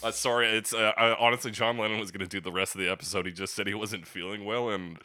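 A man hosting a casual, comedic music podcast, talking with wry, deadpan jokes. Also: fairly low pitch, quick pace. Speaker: podcast host.

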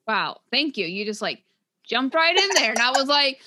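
A woman co-hosting a casual book podcast, her voice high and bright with a cutting edge. She recaps scenes in an animated way and slips into characters' lines as she goes. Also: moderate pace. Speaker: podcast co-host.

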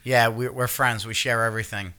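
Bright-voiced man in casual chat. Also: mid-range voice, a little fast, smooth. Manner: animated retelling, acting out reactions, swears freely. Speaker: podcast co-host. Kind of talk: casual chat recapping a series.

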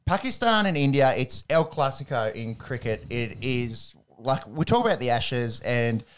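A man's voice: medium pitch, lively intonation, normal speed, smooth. A man hosting a casual sports chat show, blokey and joking, with frequent laughs and the odd swear word. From Australia. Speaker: podcast host.

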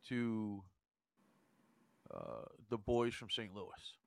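A man co-hosting a hockey talk show, measured and dry, counting points out carefully. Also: on the low side, a bit bright, smooth. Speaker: hockey analyst, co-host. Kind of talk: casual hockey chat.

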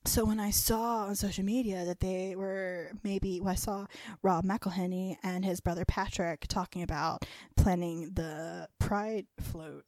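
A woman's voice: fairly low pitch, steady tone, measured pace, few pauses, a little mellow, no room sound. A young woman co-hosting a podcast, telling a story in a chatty, rambling way, full of fillers and little laughs. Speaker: podcast co-host. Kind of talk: casual storytelling chat.

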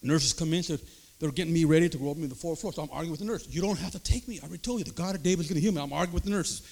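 A man preaching, telling his own testimony story with animated storytelling and acted-out voices. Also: a little high, rapid-fire, vocal fry. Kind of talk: sermon testimony.

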